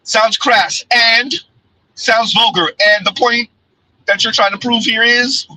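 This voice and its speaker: A man's voice: extremely high pitch, fairly even intonation, takes it slowly, sharp tone, poor audio. A man hosting a blunt, mocking commentary show while riding in a car, often laughing. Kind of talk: casual live commentary. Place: in a car, in transit.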